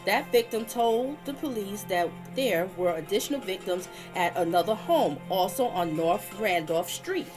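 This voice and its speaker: A woman's voice: medium pitch, expressive, measured pace, few pauses, music in the background. A woman host reading crime news aloud and reacting emotionally between passages. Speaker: channel host.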